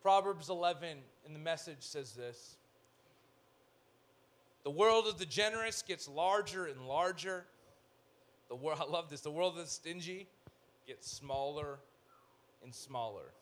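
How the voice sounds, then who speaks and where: A male pastor preaching a sermon in an animated way, with joking asides, swinging from loud to hushed. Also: on the high side, a little slow, pauses often.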